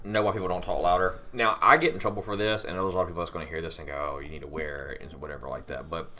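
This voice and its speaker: A man's voice: sits low, rapid-fire, pushed and bright. A young man co-hosting a podcast, chatting casually and animatedly, telling stories and laughing easily. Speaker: podcast co-host. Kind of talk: casual chat.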